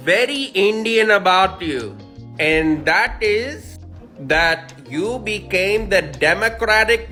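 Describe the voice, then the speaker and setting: A speaker delivering a slow, mocking prepared monologue. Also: mid-range voice, pushed and bright.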